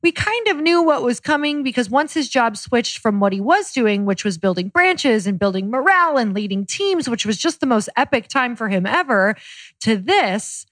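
A woman's voice: on the high side, sing-song, moderate pace, a bit bright, no echo. A woman co-hosting a podcast, telling a personal story in an earnest, reflective way. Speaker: podcast co-host. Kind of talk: casual conversation.

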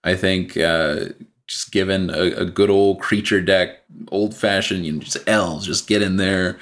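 A man's voice: sits low, steady tone, unhurried, fairly bright tone. A man talking casually as a guest on a podcast, laughing often and joking at his own expense. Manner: laughs often, self-deprecating.

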